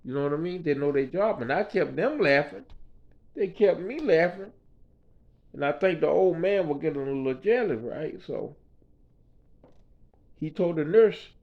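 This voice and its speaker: A man's voice: fairly high pitch, expressive, unhurried, gravelly, pauses often. A man casually telling a rambling story about his hospital stay, talking as a patient and often asking "you know what I mean". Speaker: vlogger telling a personal story. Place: hospital room. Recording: dull lo-fi sound.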